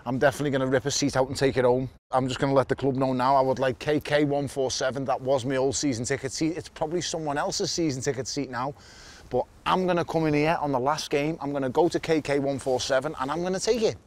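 A man's voice: medium pitch, fairly even intonation, fast. A man with a Liverpool accent talks passionately and bluntly in a casual documentary chat, with a joking edge. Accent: Liverpool (Scouse). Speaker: football fan on a stadium tour.

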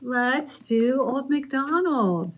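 Slow, sing-song woman leading story time. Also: sits high, lively intonation. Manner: slow, sing-song and encouraging, acting out animal sounds. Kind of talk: children's story time with songs.

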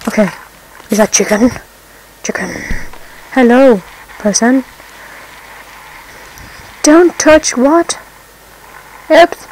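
A woman giving casual let's-play commentary, excitable, swearing often and breaking into squeals and whoops. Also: high voice, slow, long pauses, slight background noise, low-quality recording. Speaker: gameplay commentator.

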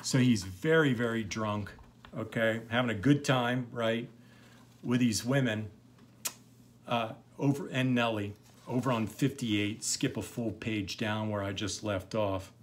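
Brief: middle-aged male lecturer, unhurried, rambling, lots of ums. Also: on the low side. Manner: relaxed, rambling, many fillers. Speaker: literature teacher. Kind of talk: recorded lecture.

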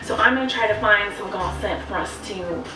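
A woman's voice: mid-range voice, fairly quick, far from the mic, noisy background, close to an everyday voice. A woman playing a self-obsessed, whiny female vlogger character in a nasal voice. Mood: boastful. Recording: video audio played in an echoey room from afar, with music.

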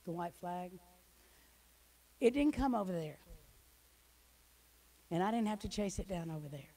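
A middle-aged woman, a guest speaker giving an emotional church testimony that swings from hushed to loud. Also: fairly low pitch, lively intonation, unhurried, poor audio. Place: church hall.

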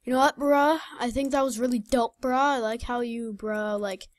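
A woman's voice: on the high side, steady tone, normal speed, no room sound, natural voice. A woman playing a laid-back slangy young street dude who drawls slang onto every sentence. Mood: mock-cool.

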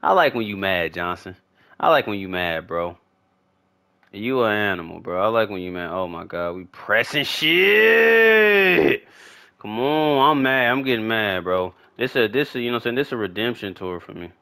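A young man commentating his own football video game as he plays, slangy and swearing, often shouting with excitement. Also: deep voice, fairly quick, smooth. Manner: trash-talking, swearing, hyped shouts; slangy, repetitive casual speech. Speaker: gaming YouTuber. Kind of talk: live gameplay commentary.

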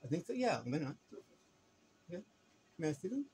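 Filming a shop visit on his phone from the counter, a man gives casual running commentary, rambling and stammering with wry remarks. His fairly high voice is sing-song, mellow and slightly rough, at a moderate pace.

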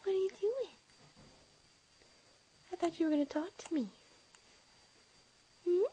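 A woman's voice: extremely high pitch, a little slow, dark tone. A young mother at home, cooing teasing sing-song baby talk to her infant while filming on a handheld camera. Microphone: handheld camera mic.

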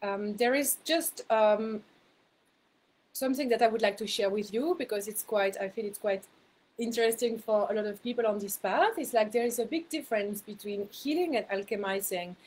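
A woman's voice: medium pitch, normal speed, darkish tone, poor audio. A woman speaking as a spiritual mentor, giving a casual talk to her viewers in a chatty way, laughing at herself and repeating words for emphasis.

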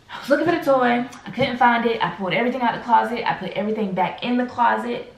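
Woman chatting a storytime to the cam, lots of slang and asides, a bit gravelly, echoey room. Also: medium pitch. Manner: animated, talks straight to viewers with slangy asides. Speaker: vlogger telling a story. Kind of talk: casual storytime chat.

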